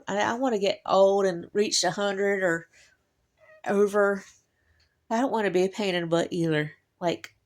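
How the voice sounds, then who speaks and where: A woman, chatting in a rambling personal monologue and laughing between thoughts. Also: fairly low pitch. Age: 40s. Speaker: vlogger.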